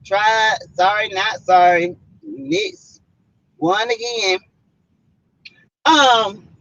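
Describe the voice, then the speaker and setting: Chatting casually on her live stream, a woman with a Southern accent keeps tossing "y'all" and "mm-mm" to her viewers. Her pitch is medium and a bit bright, heard through slightly muffled, lo-fi stream audio.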